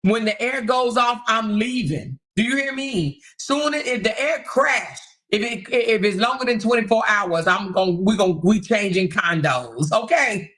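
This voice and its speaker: A woman's voice: mid-range voice, animated, a little slow, few pauses, a bit bright. A woman hosting a livestream, commenting on clips in a teasing, profane way with frequent laughter. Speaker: host.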